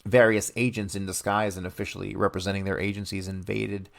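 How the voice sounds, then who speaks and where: Gravelly low-voiced man reading aloud. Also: flat delivery, a little fast, a bit bright. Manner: reads aloud, then stops to comment bluntly. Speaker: podcast host reading a book aloud. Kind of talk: book reading with commentary.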